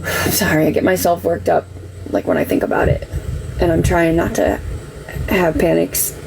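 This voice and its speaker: A woman talks through her side of things on a casual live stream, her voice gravelly with a lot of fry. She rambles in an emotional, defensive way and leans on "like" constantly. A faint background hum runs under her voice. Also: mid-range voice, animated, fairly quick. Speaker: livestreamer telling her side.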